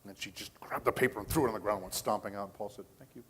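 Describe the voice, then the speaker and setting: A middle-aged man talks through a voice acting convention panel in a loose, storytelling manner. His voice sits a little low. He keeps pausing to ask the crowd "okay?" while he explains how the work is done. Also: a bit bright. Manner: storytelling, chatty, checks in with the audience with "okay?". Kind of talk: casual panel talk.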